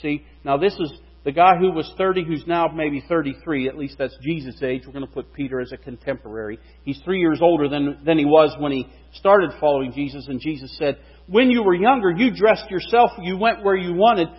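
A man preaches in an animated way, his slightly high, husky voice swinging up and down for emphasis. The recording is dull and lo-fi, with a long reverb that carries through the church hall. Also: fairly quick, hardly any pauses. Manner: animated, voice rising and falling with emphasis. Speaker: pastor. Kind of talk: sermon.

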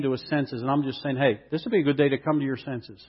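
A man's voice: mid-range voice, steady tone, quick pace, breathy edge. A male pastor giving an Easter sermon in an earnest way, building to emphatic peaks and reading scripture aloud. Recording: dull lo-fi sound with long hall reverb.

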